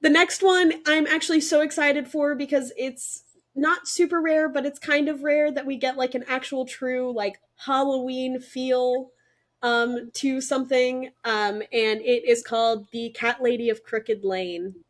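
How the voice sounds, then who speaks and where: Young woman co-host, eager and chatty, fairly high voice, casual podcast talk. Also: measured pace. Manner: excited, chatty, many fillers. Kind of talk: casual chat.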